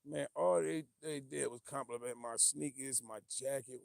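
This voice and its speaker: A gravelly man with rambles through a casual livestream, animated and easily sidetracked, laughing as he reads viewer comments. His voice is dry and close to the mic, with no room sound. It sits at an ordinary pitch for a man. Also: moderate pace, no echo. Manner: rambling and animated, loses his train of thought, laughs often. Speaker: livestream host.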